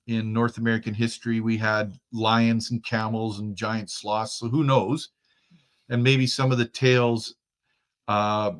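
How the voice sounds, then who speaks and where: A middle-aged man from Germany with no accent, a guest in a casual interview, talking in an easygoing, chatty way and laughing easily. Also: fairly low pitch. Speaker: guest, outdoors expert.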